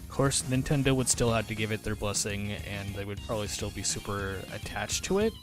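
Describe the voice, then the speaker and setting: A man's voice: fairly low pitch, animated, brisk. A man chatting casually on a livestream, rambling and answering his chat aloud. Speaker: streamer. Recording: music playing under voice. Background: background music.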